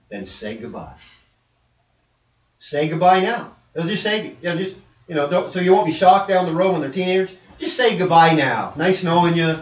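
A male preacher giving a lively sermon and acting out little scenes and voices. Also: a little high, normal speed. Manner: animated, acts out voices and dialogue. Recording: echoey hall, distant dull mic.

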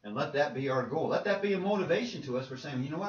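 A man's voice: on the high side, expressive, very fast. A man preaching a sermon with emphatic delivery, repeating words and acting out the quotes he cites. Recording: roomy, distant, dull with faint noise.

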